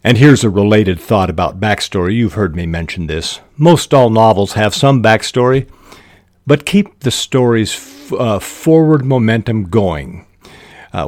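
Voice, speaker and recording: A middle-aged man hosting a writing podcast, explaining fiction techniques in a measured way with short pauses. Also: lowish voice, a little mellow, no echo, studio quality. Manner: measured, reads examples aloud with short pauses. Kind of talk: instructional talk on fiction writing.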